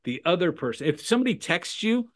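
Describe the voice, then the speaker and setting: Energetic sales coach guest, a man with a slightly high voice who keeps checking in with "right?". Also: quick pace. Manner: animated, acts out phone calls in put-on voices; punctuates points with "right?" and "okay?". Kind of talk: energetic podcast conversation.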